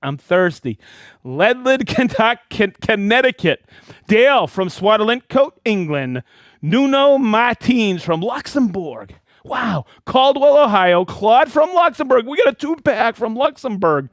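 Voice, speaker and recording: A man's voice: very high-pitched, a little slow, dry recording. Upbeat guy hosting a live stream, voice jumps all over, dry close sound. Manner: lively, reads viewer names and places with excitement. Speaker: host of a weekly live stream. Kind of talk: live stream shout-outs.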